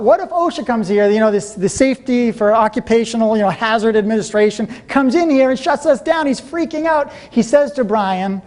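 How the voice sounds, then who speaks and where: A man giving a motivational seminar talk to a live audience, telling stories in an animated way and laughing often. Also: sits high, normal speed, few pauses. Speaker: seminar speaker.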